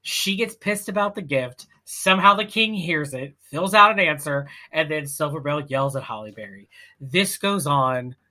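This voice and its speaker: A woman's voice: deep voice, animated, moderate pace, bright, forceful tone. A woman co-hosting a podcast, recapping a film in blunt, mocking casual chat. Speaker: podcast co-host.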